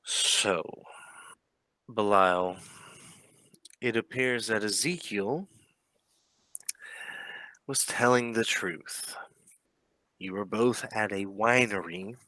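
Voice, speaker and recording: A man's voice: fairly low pitch, bright, forceful tone, dry recording. A man voicing a cold, formal vampire baron.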